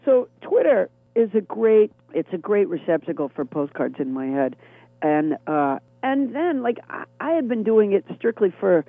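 A middle-aged woman comedian with a deep, gravelly voice and a chronic cough, chatting in a wry, rambling, self-deprecating way as an interview guest. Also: very animated, moderate pace, dry recording. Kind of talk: phone interview chat. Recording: tinny phone line.

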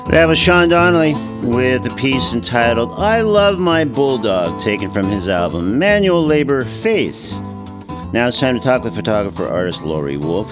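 A man hosting a radio talk show, easygoing and rambling, with fillers and restarts, speaking into a studio microphone. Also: medium pitch.

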